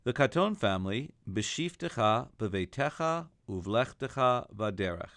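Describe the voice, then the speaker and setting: A man's voice: on the low side, lively intonation, moderate pace, clean tone, no echo, clean studio sound. A man teaching a recorded lesson on chanting Torah trope, explaining each mark and then singing the examples.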